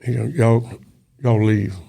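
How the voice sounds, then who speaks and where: A man's voice: mid-range voice, steady tone, a little slow, warm tone. An older man, a former police officer telling a story in a casual interview, acting out the dialogue. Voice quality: gravelly. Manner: folksy, acts out dialogue in quoted voices.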